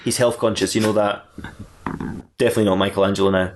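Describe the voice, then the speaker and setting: A man's voice: fairly low pitch, steady tone, quick pace, a little hiss or hum. A man co-hosting a podcast who reads his comic fan fiction aloud, rambling off on tangents and laughing at his own jokes. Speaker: podcast co-host.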